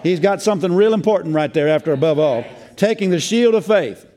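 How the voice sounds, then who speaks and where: A man's voice: high voice, lively intonation, fairly quick, mellow. A male pastor preaching a sermon in a folksy way, with many fillers and restarts.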